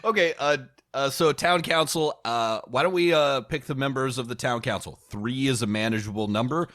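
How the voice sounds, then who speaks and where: A man of middle pitch who talks with many pauses and fillers, cracking jokes along the way. His voice sits close to the mic in a dry, dead space. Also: a bit bright, dry recording. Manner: halting, many fillers, jokey. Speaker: podcast co-host. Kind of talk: casual chat planning a tabletop adventure.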